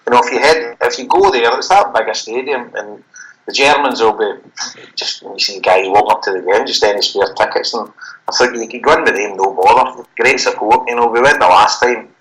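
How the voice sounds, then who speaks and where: A man's voice: medium pitch, a bit bright, poor audio. A Scottish man co-hosting a podcast, chatting loosely and rambling about football. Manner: rambling, sweary, quick to laugh. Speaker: podcast co-host. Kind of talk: casual football chat.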